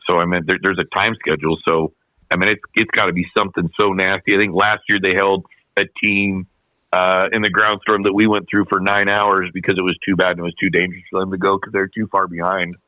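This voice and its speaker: A man, a podcast guest, telling a racing story in casual, animated, slangy chat, often repeating himself. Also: sits low, fast, no room sound. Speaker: podcast guest, snowmobile racer. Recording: dull dry podcast audio.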